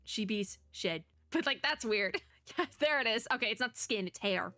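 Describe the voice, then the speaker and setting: A woman giving giggly, animated gameplay commentary as she reads game dialogue aloud. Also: on the high side, moderate pace, no room sound. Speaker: game streamer.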